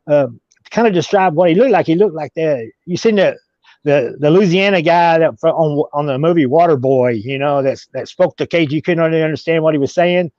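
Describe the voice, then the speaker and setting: A man's voice: a little high, a little fast, a little mellow, no room sound. A man telling a long story as an interview guest, rambling with many restarts. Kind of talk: casual storytelling. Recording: dull lo-fi recording.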